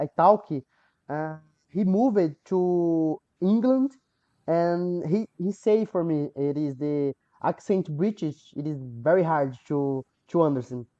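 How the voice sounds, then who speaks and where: Halting Bulgarian woman learner, dull sound. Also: lowish voice. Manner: halting, searching for words, many fillers. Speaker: guest, English learner. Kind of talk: casual chat.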